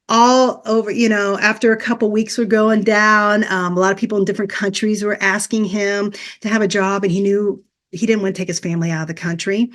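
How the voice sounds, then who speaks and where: An earnest middle-aged woman speaks as a podcast guest and tells a personal story at a mid-range pitch. She retells past conversations as lively dialogue. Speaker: guest, Reiki teacher.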